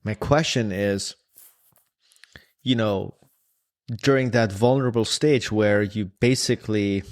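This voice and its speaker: A man's voice: lowish voice, slow pace. A man hosting an interview, asking long, winding questions full of restarts. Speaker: podcast host. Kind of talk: interview conversation.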